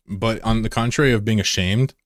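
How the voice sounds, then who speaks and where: Low-voiced man telling a wry rant. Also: normal speed, no room sound, studio quality. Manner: wry, self-mocking, animated retelling. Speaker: streamer. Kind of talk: casual storytelling while gaming.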